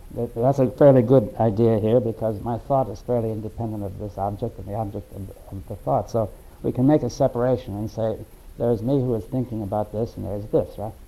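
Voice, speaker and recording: A man in a philosophical discussion, talking haltingly and often checking in with "right?" and "you see". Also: fairly low pitch, steady tone, mellow, rough recording. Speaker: discussion participant.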